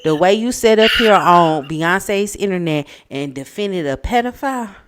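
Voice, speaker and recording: A woman co-hosting a casual reality TV recap podcast, speaking in with a blunt, opinionated, animated manner. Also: fairly low pitch, normal speed, noisy background. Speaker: podcast co-host.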